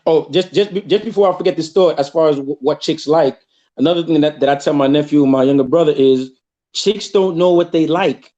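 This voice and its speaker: A man talking in a casual chat, animated and acting out other people's voices in his stories. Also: a little high, fairly quick. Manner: animated, acts out quoted voices. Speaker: podcast guest. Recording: dull lo-fi sound.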